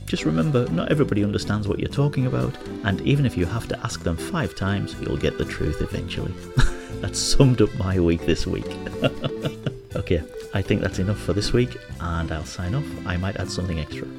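A man with a Hartlepool accent hosts his own show, telling jokes and stories in a casual, chatty way. His voice sits fairly low and swings up and down with plenty of expression. Faint music plays behind him. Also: expressive, a little fast, creaky. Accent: Hartlepool English. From Hartlepool, England. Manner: jokey, chatty storyteller who laughs at his own jokes. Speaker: host. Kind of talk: casual monologue and storytelling.

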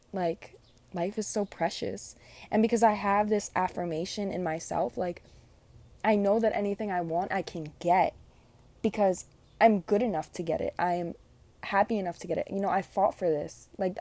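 A young woman of Puerto Rican background hosts a reflective solo podcast, her voice low-leaning and dark in tone. She speaks earnestly and from the heart, using many fillers.

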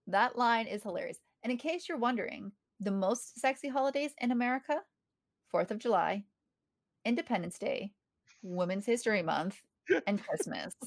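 Woman podcast co-host, animated, slight vocal fry, dry close sound. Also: medium pitch, moderate pace, no room sound. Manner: animated, quoting lines with laughter. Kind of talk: casual chat reviewing a sitcom episode.

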